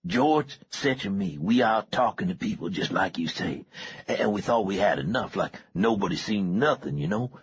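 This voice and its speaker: A man reading as a boastful teenage gang boy with an injured throat, talking in husky street slang. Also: deep voice, expressive, moderate pace, a little hiss or hum, pitched above the performer's own voice. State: sore throat. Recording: dull lo-fi recording.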